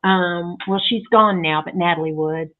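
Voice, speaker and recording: A woman's voice: on the low side, normal speed. A woman chatting as a podcast guest, bubbly and self-deprecating, laughing often. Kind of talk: casual interview chat. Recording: thin phone-like sound.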